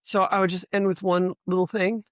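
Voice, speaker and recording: A woman Shakespeare scholar talking candidly in a relaxed lecture style, often checking in with "right?" and swearing casually. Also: lowish voice, a little fast, no echo. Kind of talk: conversational lecture with readings.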